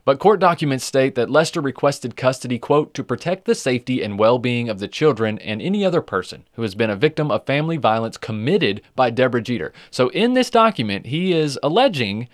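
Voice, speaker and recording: A man's voice: medium pitch, very animated, a little fast, hardly any pauses, dry recording, clean studio sound. A man hosting a true crime podcast, chatting casually with many fillers and the odd swear word. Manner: conversational, with frequent fillers and swearing. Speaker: podcast host.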